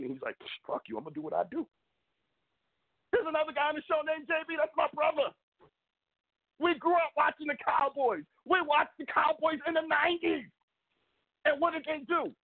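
A man hosting a sports show, ranting in frustration, emphatic and rambling, often repeating himself. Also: very high-pitched. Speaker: sports podcast host. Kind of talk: heated sports rant. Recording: phone-like narrow audio.

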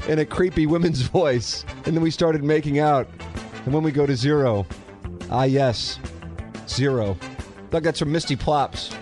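A man hosting a sports radio show, reading listener emails in a dry, deadpan way. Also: a little high, a little slow, faint music behind.

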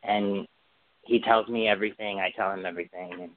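A man's voice: fairly low pitch, steady tone, brisk. A man co-hosting a podcast in casual chat, gushing and chatty with lots of fillers. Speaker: podcast co-host. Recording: dry, phone-like sound.

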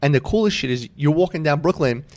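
An eager man hosts a loose podcast chat in a bar, swearing casually as he gushes. His voice sits fairly high and leaps around with excitement. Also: fast talker. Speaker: podcast host. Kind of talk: casual interview.

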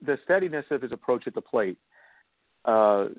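A man's voice: medium pitch, animated, normal speed, no room sound. Hesitant male co-host over a phone line. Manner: hesitant, restarts his words. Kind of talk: casual sports talk. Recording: dry tinny phone-like line.

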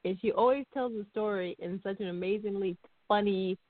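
A woman's voice: medium pitch, brisk, no room sound. A woman co-hosting a casual radio chat show, upbeat and teasing, laughing often. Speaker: podcast co-host. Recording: tinny phone line, dry.

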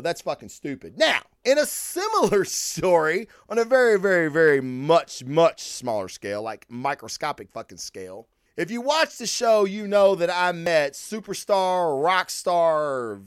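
A man hosting a casual podcast, telling stories in an animated, heavily profane rant. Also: fairly high pitch, clear, resonant tone, no echo, clean studio sound. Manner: profane, animated storytelling with frequent swearing. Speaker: podcast host.

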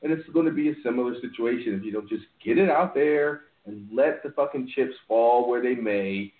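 A man of medium pitch and normal speed co-hosts a podcast, chatting casually with lots of profanity, rambling, and frequent restarts. The line sounds echoey and phone-like, with faint music underneath.

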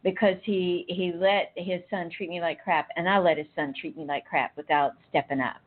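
Low-voiced woman on a tinny phone line. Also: steady tone, normal speed. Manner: rambling, confiding, laughs often between thoughts. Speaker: podcast co-host. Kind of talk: casual, candid conversation.

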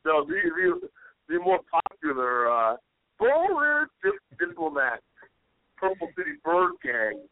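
A young man co-hosting a podcast, telling rambling stories in an animated way and yelling the quoted lines. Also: fairly high pitch, unhurried, gravelly, no echo. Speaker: podcast co-host. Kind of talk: casual storytelling chat. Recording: dry, tinny phone-like audio.

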